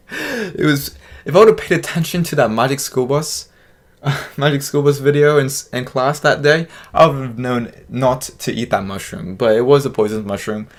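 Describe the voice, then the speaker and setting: A man's voice: medium pitch, normal speed. Young man, casual storytime, rambling, lots of fillers, acts out quotes.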